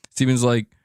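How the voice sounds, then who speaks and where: A man's voice: a little mellow, dry recording, clean studio sound. A young man hosting a casual gaming livestream, bantering playfully with his cat and reading viewer chats aloud. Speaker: gaming news streamer.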